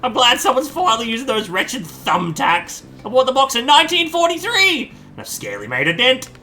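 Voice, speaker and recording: A man reading game dialogue aloud, voicing a fussy, chatty old mother with a shrill, warbly voice. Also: wildly swooping pitch, brisk, sharp tone, faint music behind, heavily acted.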